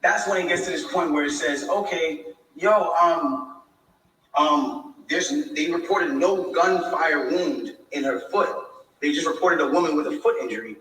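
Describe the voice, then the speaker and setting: A man's voice: a little high, unhurried, pushed and bright, far from the mic. A man in a livestream monologue, defensively explaining his side at length. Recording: echoey room, away from the mic.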